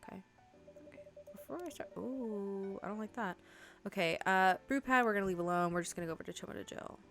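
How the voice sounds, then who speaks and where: A young woman hosts a video game playthrough, chatting casually and reading the game's text aloud in a relaxed let's-play. Her voice sits at medium pitch, a bit bright, and she talks quickly over soft background music.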